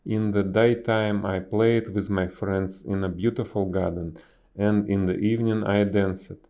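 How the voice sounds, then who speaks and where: A man's voice: on the low side, fairly even intonation, measured pace, warm tone. Sorrowful prince statue, read by a man. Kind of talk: storybook reading.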